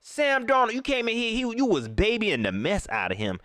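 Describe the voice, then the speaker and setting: Animated man ranting about football. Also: high voice, moderate pace, dry recording, clean studio sound. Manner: animated, ranting, reads viewer comments. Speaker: livestream sports commentator. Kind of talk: live post-game rant.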